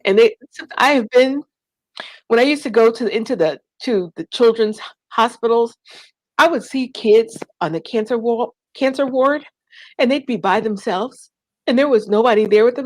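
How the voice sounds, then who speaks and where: Fields: Sex: woman. Role: interview guest. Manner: animated storyteller. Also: medium pitch, a little fast, no room sound. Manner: animated storyteller, acts out quoted voices, fights back tears. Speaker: guest, nonprofit founder.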